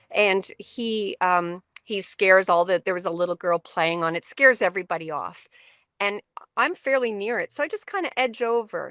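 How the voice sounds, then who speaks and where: A woman's voice: lowish voice, fairly bright tone, dry recording, clean studio sound. A middle-aged woman presenting a workshop on a video call, telling a story to educators in a conversational way, with frequent restarts and fillers.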